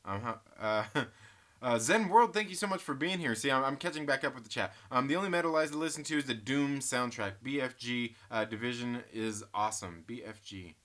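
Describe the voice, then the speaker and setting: A man's voice: mid-range voice, brisk, a bit bright. A man hosting a casual live stream, telling rambling stories full of swearing and frequent laughter, and reading chat comments aloud.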